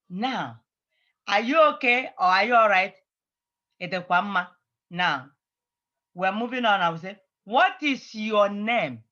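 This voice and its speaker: Teacher drilling phrases, bright crisp tone, muffled online class audio. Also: medium pitch. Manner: patient, repeats phrases slowly for drilling. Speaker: language teacher. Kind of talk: online language lesson.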